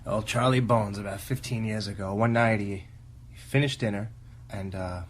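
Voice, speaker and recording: A man voicing an old male gravekeeper with a Boston accent, telling a grisly tale slowly, with pauses and chuckles, recorded outdoors in a graveyard on a camera mic. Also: on the low side, voice pushed down, natural voice. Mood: creepy drawl. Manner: drawling, pausing, chuckling storyteller. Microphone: handheld camera mic. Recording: loud hiss from a home camera tape.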